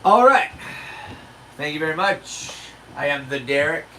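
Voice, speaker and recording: A man in his forties doing stand-up, telling animated stories with shouted punchlines. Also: a little high, unhurried, recorded from a distance, slight background noise, low-quality recording. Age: 40s. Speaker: stand-up comedian. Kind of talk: livestreamed stand-up rehearsal.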